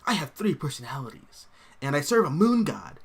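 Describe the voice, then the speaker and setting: A man's voice: fairly high pitch, sing-song, normal speed, slightly rough. A man doing a grim, solemn vigilante. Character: grim male vigilante serving a moon god.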